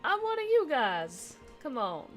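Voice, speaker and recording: A woman's voice: sits high, huge pitch swings, measured pace, soft background music, voice pushed up, full character voice. A woman putting on a folksy Southern drawl as a swaggering cowgirl gunslinger in a game, with slangy, friendly talk. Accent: put-on Southern US drawl.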